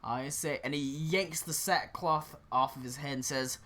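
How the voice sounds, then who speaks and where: A male game master narrates a tabletop session in a rambling, filler-heavy style. His voice is bright and clear, at a middle pitch. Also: fairly even intonation, normal speed, few pauses.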